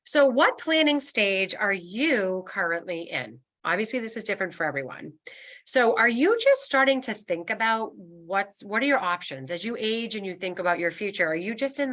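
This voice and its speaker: A middle-aged woman leads a webinar about planning life changes, speaking as a senior move manager. Her voice is bright and clear, and she talks in an encouraging, reassuring way. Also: medium pitch. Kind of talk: webinar presentation.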